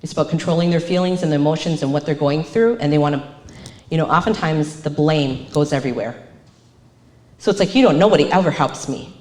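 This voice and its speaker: A woman's voice: low-pitched, fairly quick. A woman counselor giving a live presentation, acting out the phrases she quotes. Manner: animated, acts out quoted phrases. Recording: echoey room.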